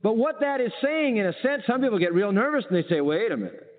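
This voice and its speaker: A high-pitched man preaches with emphatic repetition and rhetorical questions. The recording is thin and phone-like, and his voice rings with a long hall echo. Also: expressive, fast talker. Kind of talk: sermon. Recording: tinny narrow-band archive sermon with long hall reverb.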